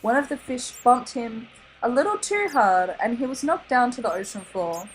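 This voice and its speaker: Expressive Australian woman reading a storybook. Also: fairly high pitch, normal speed, soft background music, poor audio. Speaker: reader. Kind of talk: storybook read-aloud.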